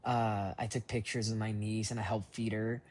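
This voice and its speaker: A man's voice: fairly low pitch, little pitch movement, moderate pace, darkish tone, a little hiss or hum. A young man recording a rambling, reflective voice memo diary on his phone, full of fillers and restarts. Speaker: voice diary keeper.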